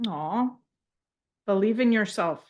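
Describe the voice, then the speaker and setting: A woman gives a live intuitive reading, passing on channeled messages in a gentle, heartfelt way. She talks with warm emotion and is often moved almost to tears. Her speaking voice sits in an ordinary middle range. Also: animated, slow pace. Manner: speaks in flowing, high, invented-sounding syllables at times. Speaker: spiritual channeler giving readings.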